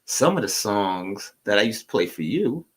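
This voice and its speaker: A man's voice: on the low side, sing-song, normal speed. A man co-hosting a show in loose, rambling, playful chat with his wife. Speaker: co-host. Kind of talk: casual chat.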